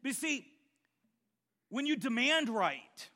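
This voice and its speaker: A middle-aged man preaching a sermon, telling personal stories and swinging from quiet storytelling to loud exhortation. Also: very high-pitched, big pitch swings, slow pace. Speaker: pastor.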